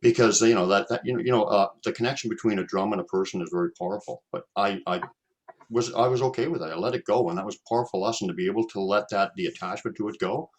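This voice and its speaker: A man's voice: lowish voice, fast. A Canadian man hosting a casual chat, telling a personal story in a rambling way, with repeated words and many fillers.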